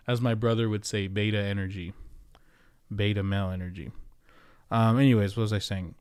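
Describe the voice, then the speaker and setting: Man, american accent, 30s, livestream host, rambling casual chat, smooth resonant voice. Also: on the low side, steady tone, brisk, darkish tone. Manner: rambling and conversational, answering chat with frequent fillers. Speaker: livestream host and real estate agent. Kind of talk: casual livestream chat reading viewer comments.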